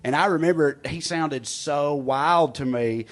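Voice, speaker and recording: A man's voice: on the high side, a little slow. A man co-hosting a comedy podcast, telling loose stories in casual chat, swearing freely and laughing often. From Kansas. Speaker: podcast co-host.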